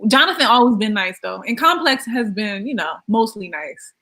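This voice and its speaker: A woman's voice: medium pitch, expressive, normal speed, pushed and bright. A woman with a mid-range voice hosts a casual chat. She tells her stories animatedly and acts out the lines of the people she quotes. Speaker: YouTube host.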